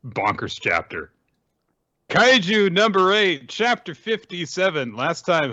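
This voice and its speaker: A man hosting a podcast, casually recapping a manga chapter, rambling and swearing, with quick playful impressions of the characters. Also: lowish voice, pushed and bright, dry recording, dull audio. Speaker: podcast host.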